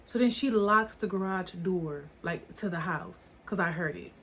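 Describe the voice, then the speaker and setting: A storytime vlogger with a lowish, slightly bright voice tells her viewers a story at a measured pace, with slight background noise. She rambles and swears casually, leaning heavily on "like" and "or whatever."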